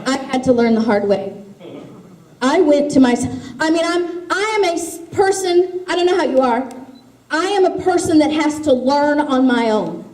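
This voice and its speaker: A woman's voice: high-pitched, animated, normal speed, a little mellow. A woman giving an impassioned grassroots speech, telling stories with emphatic force. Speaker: grassroots activist speaker. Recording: echoey hall.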